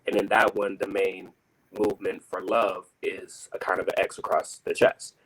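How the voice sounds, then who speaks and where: A man with a very low voice talks over a video call about his choir's creative process. He is thoughtful and halting, pausing often to find his words. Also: flat delivery, a bit bright, low-quality recording. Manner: thoughtful, halting, many fillers. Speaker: choir singer. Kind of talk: casual reflective explanation.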